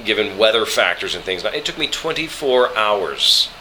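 A man with a lowish, bright voice chats through an interview, full of fillers and restarts as he tells his stories. A faint hiss sits under the recording. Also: animated, poor audio. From Colorado, US. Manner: chatty, halting with many fillers and restarts. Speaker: voice actor, interview guest. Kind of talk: relaxed interview chat, storytelling.

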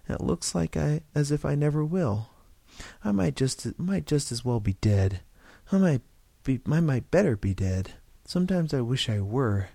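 A man plays a fed-up young bank clerk in a read-aloud story. He sounds frustrated and scornful and slides into despair. The voice is warm and gravelly and dry. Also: mid-range voice, no echo, voice pushed up. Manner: frustrated, scoffing, despairing outbursts.

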